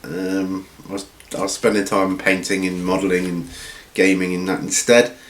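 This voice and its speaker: A man hosting a hobby channel from home, chatting casually through viewer questions in a rambling, relaxed way with lots of ums and restarts. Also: low voice, moderate pace. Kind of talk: casual Q&A chat. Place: at home, seated with feet up. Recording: roomy room echo.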